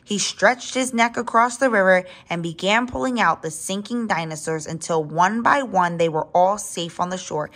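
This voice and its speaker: A woman reading a children's picture book aloud, expressive, with asides to young listeners. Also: fairly low pitch, moderate pace, hardly any pauses. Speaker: reader. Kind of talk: children's story read-aloud.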